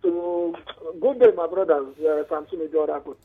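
A male caller speaking on a phone-in radio show, animated and preachy, dragging out words for emphasis. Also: fairly high pitch, moderate pace, creaky, slightly rough. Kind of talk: phone-in call. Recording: tinny phone line on radio.

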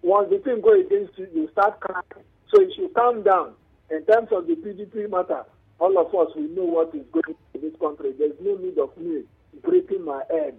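A male caller speaking on a phone-in radio show, animated and preachy, dragging out words for emphasis. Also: sits high, normal speed, gravelly, slightly rough. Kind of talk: phone-in call. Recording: tinny phone line on radio.

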